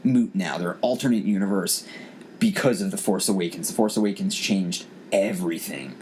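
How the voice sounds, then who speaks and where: His deep, slightly mellow voice moves at a moderate pace as this podcast host in his forties rambles casually. He restarts often while thinking aloud, and the recording carries faint background noise.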